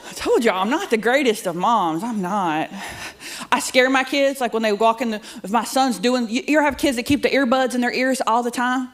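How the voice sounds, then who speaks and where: A woman's voice: fairly high pitch, brisk. A middle-aged woman doing a stand-up comedy set, sassy and self-deprecating, chatting with the crowd. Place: comedy club studio with live audience.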